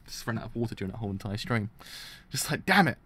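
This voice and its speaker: A young man streaming a live reaction, excitable, who swears and restarts his sentences while his throat is dry and sore. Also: fairly low pitch, quick pace, breathy edge.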